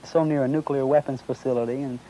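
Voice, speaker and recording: Talking fast in a mellow, medium-pitched voice with fairly even intonation, this middle-aged eyewitness retells something he lived through for an interviewer. He voices the other people's lines as he goes, and the rough recording carries slight background noise.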